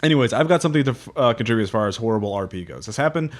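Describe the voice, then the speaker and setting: A man co-hosting a casual tabletop gaming podcast, relaxed and chuckling as he shares game quotes and reads forum stories aloud. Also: mid-range voice, rapid-fire. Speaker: podcast co-host.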